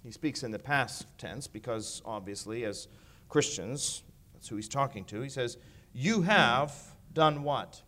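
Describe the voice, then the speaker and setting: A man preaching an expository sermon, emphatic and rising loud on key phrases, often asking his listeners questions. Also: medium pitch, lively intonation, unhurried.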